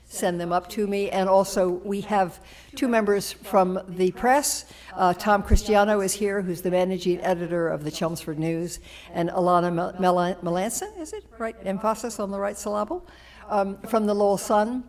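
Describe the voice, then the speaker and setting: In a police station meeting room, a woman with a Massachusetts accent and a medium-pitched voice moderates a town candidates forum, speaking loosely with fillers and restarts.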